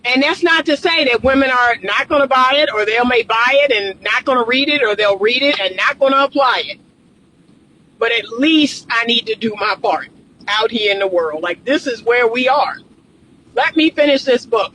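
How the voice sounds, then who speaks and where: A woman's voice: fairly high pitch, normal speed, a bit bright, a little hiss or hum, rough recording. A woman relationship coach giving reaction commentary, emphatic and lecturing, repeating her points.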